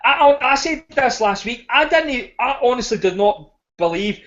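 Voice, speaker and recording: A man's voice: very high voice, expressive, normal speed, fairly bright tone. A man co-hosting a podcast, talking bluntly and heatedly with heavy swearing. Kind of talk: casual podcast chat. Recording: dull lo-fi audio.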